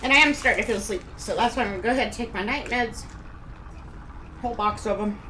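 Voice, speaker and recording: A middle-aged woman from Kansas, USA, live-streams casually from home, talking quickly in a high, bright, forceful voice. She rambles and chats as she eats, and the room sounds echoey with faint background noise.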